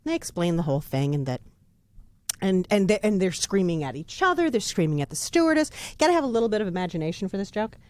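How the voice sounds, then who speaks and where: A woman's voice: medium pitch, fast, no room sound. A woman co-hosting a podcast, telling a long joke casually and with animation. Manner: animated storyteller. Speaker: podcast co-host.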